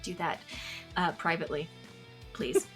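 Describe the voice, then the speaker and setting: A woman's voice: fairly low pitch, steady tone, measured pace, music in the background. A woman running a tabletop game as game master, casual and laughing, with loose fillers and swearing.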